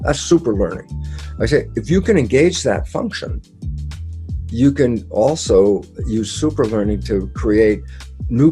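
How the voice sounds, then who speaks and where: Male interview guest with a mellow, mid-pitched voice. Lively storyteller who acts out his own quotes, over faint background music. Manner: emphatic and repetitive, with occasional laughs and mild swearing. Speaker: guest speaker, biologist. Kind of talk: conversational explanation in an interview.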